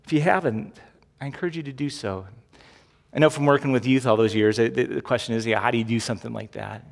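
A man's voice: medium pitch, fast talker, gravelly. Conversational male pastor in a reverberant hall. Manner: conversational preaching, direct questions to the congregation. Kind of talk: sermon.

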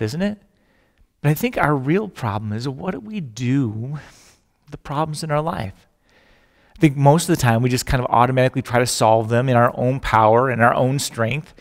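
A man's voice: mid-range voice, gravelly, in a large hall. A man preaching a sermon as a pastor, telling stories with jokes and acting out the voices in them. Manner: storytelling with jokes, acts out voices in quotes.

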